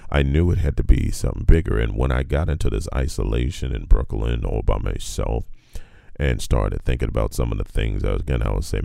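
A man with a cavernously low bass voice full of gravel and fry. His tone is dark and mellow, and his delivery is laid-back and colloquial, stretching words for emphasis. The sound is dry and close. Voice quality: very deep bass voice. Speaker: guest. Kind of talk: casual motivational storytelling.

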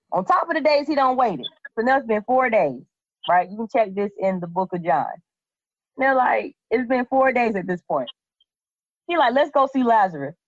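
A woman's voice: a little high, dry recording. Woman host retelling a bible story all casual, doing the voices, kinda muffled lo-fi sound. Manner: animated, acts out characters in slangy voices. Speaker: podcast host. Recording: dull lo-fi, dry sound.

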